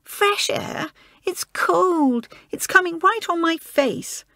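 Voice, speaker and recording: A woman narrator voicing a spoiled, petulant schoolgirl who whines and complains in loud whispers. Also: lively intonation, slow, dry recording, studio quality, full character voice. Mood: accusing. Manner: whiny, squeaky, loud whispering.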